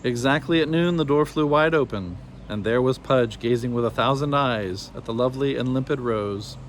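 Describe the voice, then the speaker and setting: Man, storybook narrator, expressive, measured, faint hum behind. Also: mid-range voice. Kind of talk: storybook reading aloud.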